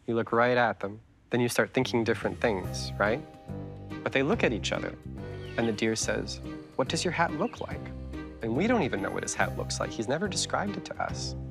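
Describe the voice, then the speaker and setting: A middle-aged man reading his children's book aloud to kids, chatty and gentle, stopping to ask them questions. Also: medium pitch, creaky.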